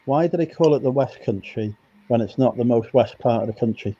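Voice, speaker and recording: A man's voice: mid-range voice, brisk, mellow, breathy edge. A man chatting casually, making blunt jokes. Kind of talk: casual chat. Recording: dull lo-fi audio.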